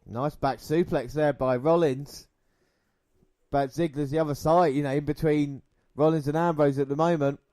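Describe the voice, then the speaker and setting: A man co-hosting a podcast, giving excitable play-by-play of a wrestling match with swearing and banter, close to the mic. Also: a little high, normal speed, no echo. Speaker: podcast co-host. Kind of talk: casual wrestling watch-along commentary.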